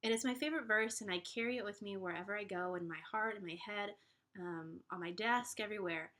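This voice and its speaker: A woman's voice: mid-range voice, fairly quick, pushed and bright. Young woman, twenties, casual vlog, earnest, encouraging, chatty fillers. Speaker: vlogger giving relationship advice.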